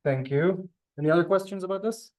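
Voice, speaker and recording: A man's voice: high voice, fairly quick, a little mellow. A man teaching a classroom language lesson, explaining step by step with many ums and asides. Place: synagogue classroom.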